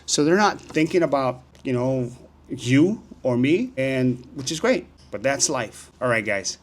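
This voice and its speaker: A sixty-year-old man tells everyday stories in a casual, animated vlog. His voice sits at a middle pitch and often jumps when he acts out a quarrel. Faint street sound hums behind him outdoors. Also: a little slow, slight background noise. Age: 60s. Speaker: vlogger.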